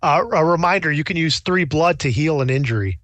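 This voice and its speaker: Male GM, slightly high voice, relaxed rule explanations, dry sound. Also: a little fast, dry recording. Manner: casual, explains rules patiently. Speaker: game master. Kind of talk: running a tabletop game.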